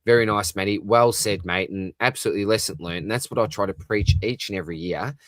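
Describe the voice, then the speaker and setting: A man's voice: lowish voice, fast, fairly bright tone, dry recording, clean studio sound. An Australian man hosting a live stream, chatting casually and upbeat as he reads out viewers' comments, laughing easily. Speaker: livestream host.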